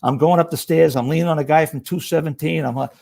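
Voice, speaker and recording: A man's voice: a little high, fast talker, gravelly. A middle-aged man telling fire stories as a podcast guest, acting out the quotes. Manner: animated storyteller acting out quotes. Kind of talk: casual storytelling.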